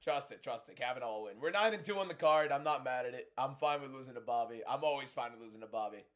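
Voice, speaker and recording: A young man from the UK hosting a live fight watchalong, reacting excitedly and talking to his chat. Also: medium pitch, quick pace. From United Kingdom. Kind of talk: casual live-stream commentary.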